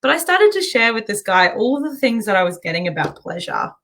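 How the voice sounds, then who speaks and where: Host: woman, upper-pitched voice, casual storytelling, giggly and animated. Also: a little fast. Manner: giggly, breaks into laughter; chatty and animated, self-interrupting.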